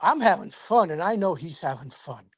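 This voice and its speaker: An older man, a podcast guest, tells a first-person story in a measured, vivid way and drops to a hush at the tense moments. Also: high voice, expressive. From Tacoma, Washington, USA.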